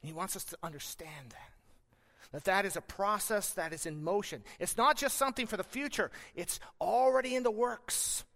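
A man preaching an earnest sermon in a high, bright voice. He stresses key words with slow, deliberate pauses. The sound carries the long reverb of a church hall. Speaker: pastor.

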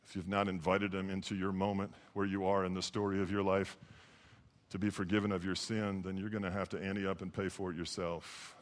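A man preaching a sermon as pastor, impassioned, swinging from hushed lines to emphatic ones. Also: low voice, little pitch movement, brisk, long reverb tail. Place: church sanctuary.

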